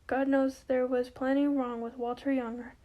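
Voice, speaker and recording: A woman voicing Mama, a wistful, grieving older widow and matriarch, in an amateur play reading, talking slowly in homely, folksy phrasing. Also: high voice, level tone, phone-quality sound, lightly acted. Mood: reminiscing.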